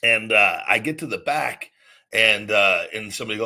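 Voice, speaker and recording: A man's voice: on the low side, expressive, moderate pace, bright, forceful tone. A middle-aged man hosting, telling a long casual story in a rambling, profane way with many restarts. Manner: rambling, profane, repeats himself. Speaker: host.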